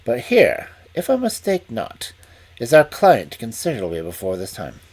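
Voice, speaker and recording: A man reading aloud and voicing a calm, shrewd Victorian male detective who speaks in a dry, deliberate way. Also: medium pitch, husky, pitched below the performer's own voice. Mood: measured.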